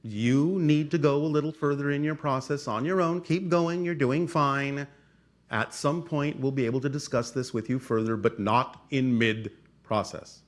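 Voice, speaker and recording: A man speaking as a channeler, answering audience questions in a formal, measured cadence with repeated phrases. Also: mid-range voice, fairly even intonation. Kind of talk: channeled spiritual talk.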